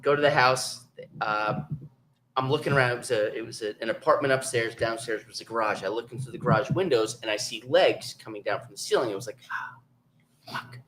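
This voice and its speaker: A man's voice: medium pitch, brisk, fairly bright tone, slight background noise, poor audio. A man telling blunt, profane police stories in a casual podcast chat. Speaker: podcast guest, former police officer.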